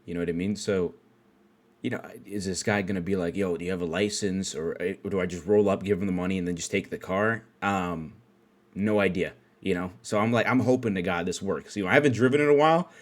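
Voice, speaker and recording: A young man from Canada hosting a podcast, telling a story in a casual monologue with lots of swearing, laughter and sudden jumps in pitch. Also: quick pace. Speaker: podcast host.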